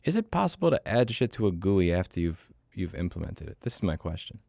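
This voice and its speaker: A man's voice: sits low, big pitch swings, fairly quick, creaky, dark tone, no room sound. A middle-aged man livestreaming himself coding, in casual, blunt, profane talk, muttering to himself as he works. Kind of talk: casual livestream chat while programming.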